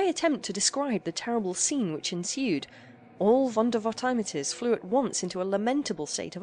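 A woman narrating a classic story aloud in an animated, theatrical way. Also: mid-range voice, brisk, a little hiss or hum.

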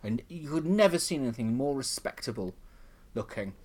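A middle-aged man, a comedian, telling camp, animated anecdotes in casual chat. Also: mid-range voice, normal speed. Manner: camp, animated storytelling, puts on old ladies' voices. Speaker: comedian and compere.

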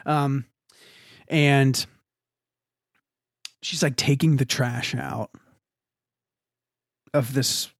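A man's voice: extremely slow, pauses often, no echo, studio quality. A young man in casual chat, telling a story with lots of energy and acting out the voices of other people. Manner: animated storyteller, acts out quoted voices with big pitch jumps. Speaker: podcast co-host telling a story.

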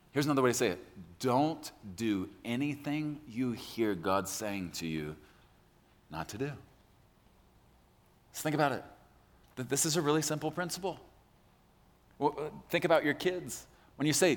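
A man preaching a sermon as a pastor, talking straight to his congregation with animated emphasis. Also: mid-range voice, normal speed, in a large hall. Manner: animated, addresses the congregation directly.

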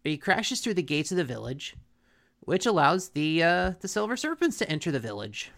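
Gravelly, animated man recapping a cartoon. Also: fairly high pitch, normal speed. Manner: animated, acts out quotes from the episode. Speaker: podcast co-host recapping a cartoon. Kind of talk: casual recap chat.

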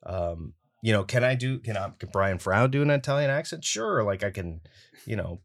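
This man's voice is on the low side and animated, moving at a moderate pace. He's a voice actor from Canada, a guest in an interview, talking in a chatty way with plenty of fillers and laughter.

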